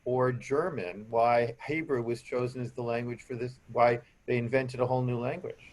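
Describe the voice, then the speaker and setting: A man's voice: mid-range voice, fairly even intonation, moderate pace, low-quality recording. A man taking part in a study group discussion, chiming in with brief conversational remarks and questions. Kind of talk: casual class discussion.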